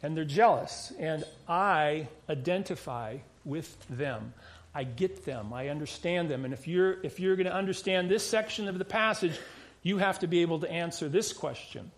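A man's voice: on the high side, normal speed. A man, a pastor, preaching a sermon in a conversational way, often restarting phrases and adding asides. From United States.

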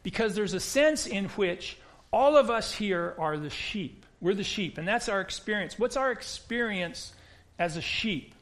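Male pastor with an American accent and a high, light voice; talks through his sermon plainly and often repeats himself at the start of a phrase. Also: lively intonation, measured pace, fairly bright tone. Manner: conversational, repeats words when starting sentences.

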